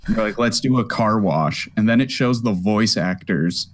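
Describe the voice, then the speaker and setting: A young man co-hosting a podcast in casual chat, excitable, laughing often and saying "dude" a lot. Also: fairly low pitch, normal speed, a little hiss or hum. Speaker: podcast co-host.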